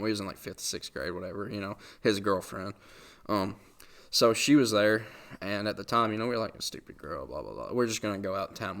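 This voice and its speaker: A young man, telling rambling childhood stories on a podcast. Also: lowish voice. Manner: rambling, animated storyteller who acts out quotes. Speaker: podcast host. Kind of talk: casual storytelling.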